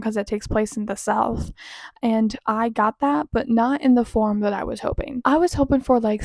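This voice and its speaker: A woman's voice: medium pitch, warm tone, dry recording, studio quality. A young woman chatting casually as a book vlogger, rambling through her monthly reading with restarts and laughs. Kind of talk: casual chat.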